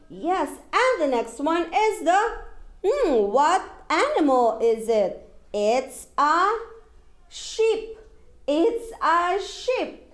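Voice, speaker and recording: A woman with a Taiwanese accent leads a lesson for young children in a high, bright voice, drawing each word out slowly. She mimics animal noises and breaks into song in a sing-song way. Her voice carries the echo of a roomy space. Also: sing-song. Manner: slow, exaggerated, drawn-out speech with animal sounds and singing. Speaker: children's English teacher.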